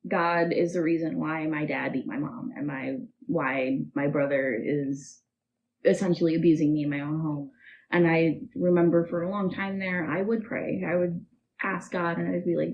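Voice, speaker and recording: Low-voiced young woman, candid and halting. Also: little pitch movement, muffled recording, slight background noise. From United States. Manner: candid, emotional, halting with restarts. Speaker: interview guest. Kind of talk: personal storytelling interview.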